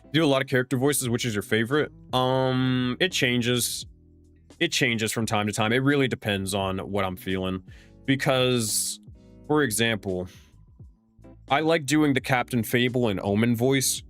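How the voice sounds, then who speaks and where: Over soft background music, a young streamer and game master fields chat questions in a fairly low voice, speaking briskly. His answers in this casual livestream Q&A are loose and rambling, full of restarts and offhand swearing.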